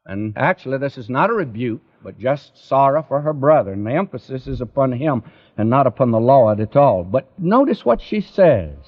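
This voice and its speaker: A man preaching a sermon in a slow, emphatic cadence that rises and falls, directly addressing his listeners. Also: medium pitch, very animated. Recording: dull lo-fi recording.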